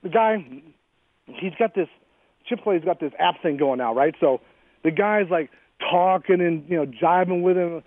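A man's voice: sits high, moderate pace. A man in his forties, a guest in a casual interview, talking bluntly and fierily and swearing freely, heard over a phone line. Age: 40s.

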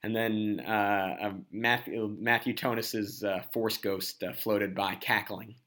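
Bright-voiced young sports podcast host. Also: male voice, lowish voice, steady tone, slow. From New York City. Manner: rambling, heavy use of "like" and "uh". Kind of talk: casual sports podcast chat.

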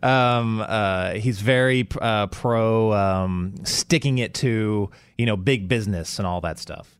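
A man's voice: fairly low pitch, slow, clear, resonant tone, dry recording. A man co-hosting a casual political talk show, rambling as he talks and laughing along with his co-host. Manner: rambling, lots of fillers and restarts, laughs along.

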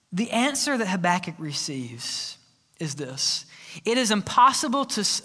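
A man's voice: sits high, a bit bright. A man preaching a sermon as pastor, earnest and emphatic, often asking his listeners questions. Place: church sanctuary. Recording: reverberant church sanctuary.

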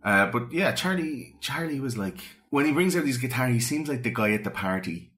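A man's voice: medium pitch, fairly quick. A man co-hosting a podcast, chatting casually and animatedly, acting out quotes as he tells stories. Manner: animated storyteller, acts out quotes. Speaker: podcast co-host. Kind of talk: casual chat.

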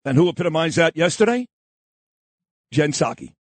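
A man hosting a talk radio show, delivering a combative, opinionated monologue and shouting down those he disagrees with. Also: a little high, very animated, moderate pace, no room sound. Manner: combative, insulting, repeats himself, shouts down opponents.

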